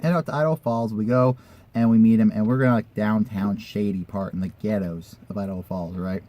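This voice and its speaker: A man's voice: fairly low pitch, steady tone, fairly quick, mellow, lo-fi sound. A man in a casual vlog, telling a personal story in a rambling, conversational way with the odd swear word.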